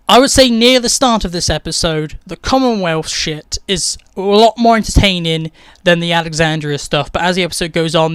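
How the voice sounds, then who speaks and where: An excitable man reviewing a TV episode, rattling along and ending points with "okay?". His voice is high and smooth. It is recorded close and dry, with no room sound. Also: dry recording. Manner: excitable, rapid, keeps tagging "okay?". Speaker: TV show reviewer. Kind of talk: casual spoiler-light TV review.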